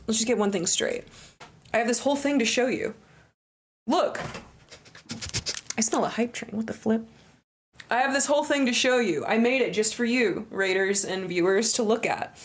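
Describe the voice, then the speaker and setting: Crude, joking young woman streamer. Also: fairly high pitch. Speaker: livestreamer. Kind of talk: casual stream chat.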